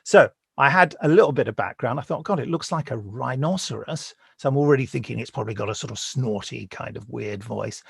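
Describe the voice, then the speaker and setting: A middle-aged man, a voice actor, telling anecdotes on a video call from home. He tells them in a lively way and acts out the voices of the people he quotes. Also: medium pitch, a little fast, creaky, few pauses, slightly rough, dry recording, studio quality. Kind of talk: anecdotal interview chat.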